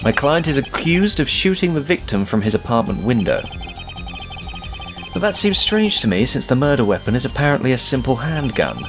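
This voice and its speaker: A man's voice: medium pitch, very animated, normal speed, over music, natural voice. A man voicing an earnest young male defense attorney in a game, in a plain, slightly exasperated way.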